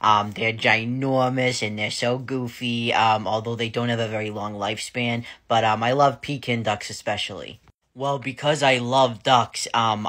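A man chats through a funny family story to camera in a casual, self-mocking way. His voice is bright and sits at a middle pitch. He laughs partway through sentences and swears casually.

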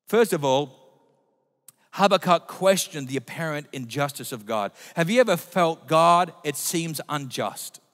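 A man preaching a sermon as pastor, emphatic, swinging between loud declarations and quiet asides. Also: fairly high pitch. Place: church. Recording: long reverb of a church hall.

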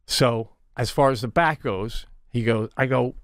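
A man's voice: medium pitch, unhurried, dry recording, studio quality. A middle-aged man co-hosting a podcast, telling a story in a heated, exasperated, profane way, his voice jumping up when he gets irritated. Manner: animated, voice jumps up when irritated. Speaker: podcast co-host. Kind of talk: casual storytelling.

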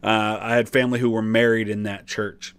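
A man's voice: lowish voice, little pitch movement, a little fast, clear, resonant tone, no echo. A man hosting a reaction video, chatting casually with lots of fillers and restarts as he explains things. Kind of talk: casual commentary.

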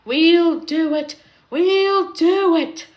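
A woman's voice: a little high, very animated, takes it slowly, highs cut off. A woman voicing a proud, cross little male tank engine who huffs and puffs. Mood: panting. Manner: cross, huffing and puffing.

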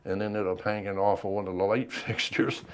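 Older male veteran interviewee, very low voice, measured reflective delivery. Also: level tone, a little hiss or hum. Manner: unhurried, reflective, many ums and pauses. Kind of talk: oral history interview.

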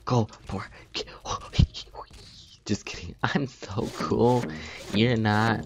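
A man giving let's play commentary, muttering and humming to himself as he plays, with sudden loud excited outbursts. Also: fairly low pitch, extremely slow, a little hiss or hum. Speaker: gaming video host.

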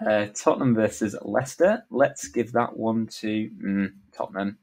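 A man's voice: on the low side, normal speed, darkish tone, poor audio. Man in a joking solo commentary. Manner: offhand, joking, many fillers. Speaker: vlogger. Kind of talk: casual predictions commentary.

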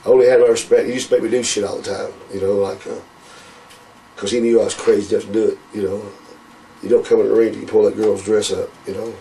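An older man spins profane stories, calling everyone brother. His voice is low and gravelly, and he sits a little back from the mic over faint room noise. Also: fast, recorded from a distance, poor audio. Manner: profane, animated, calls people brother, laughs often. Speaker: interview guest, former wrestler. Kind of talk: casual storytelling interview.

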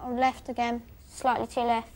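A young British girl guiding a teammate through a game with quick, plain directions. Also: fairly high pitch, completely flat delivery, a little mellow. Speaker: contestant guiding a blindfolded player.

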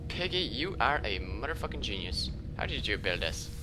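A young man giving casual gameplay commentary as a let's play host, joking, swearing often and reacting loudly when startled. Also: on the low side, big pitch swings, normal speed, very noisy. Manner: jokey, swears a lot, loud startled reactions.

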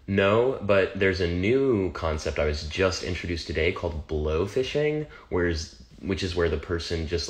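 A man with an American accent, reading fan comments aloud on a phone livestream and answering them in a wry, teasing way. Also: low-pitched. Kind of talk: casual livestream Q&A.

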